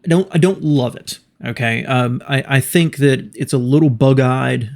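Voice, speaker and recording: A man's voice: medium pitch, normal speed, gravelly, a little mellow. A man hosting a car reaction video, talking casually and giving his opinions as he thinks aloud.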